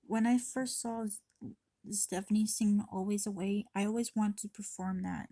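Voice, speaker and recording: A woman talks straight into her camera mic in a rambling confessional vlog. Her delivery stays flat and even, with little rise and fall, and the sound is dry and close. She swears freely and keeps stopping to restart her thoughts. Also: mid-range voice, normal speed, dry recording. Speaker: vlogger.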